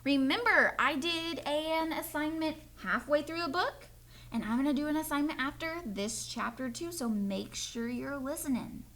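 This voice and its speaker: A woman teacher reading a children's chapter book aloud to her students, in a friendly, animated storytelling way. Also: high-pitched, normal speed.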